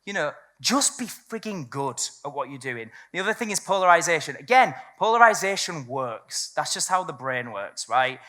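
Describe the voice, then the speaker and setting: A woman's voice: sits low, sing-song, moderate pace, hardly any pauses, fairly bright tone. A woman giving a live business talk to a room, blunt and candid and swearing freely. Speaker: seminar speaker. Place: event room with a live audience.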